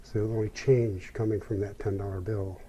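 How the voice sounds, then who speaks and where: Male interview guest, unhurried and reflective storyteller, dark mellow tone. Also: fairly low pitch, flat delivery, a little hiss or hum. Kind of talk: personal storytelling.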